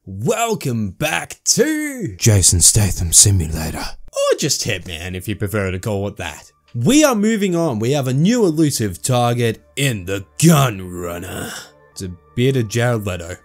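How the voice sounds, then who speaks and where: A man giving jokey let's-play commentary, excitable and breaking into sudden high yelps. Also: a little slow, soft background music. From Australia. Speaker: gaming YouTuber.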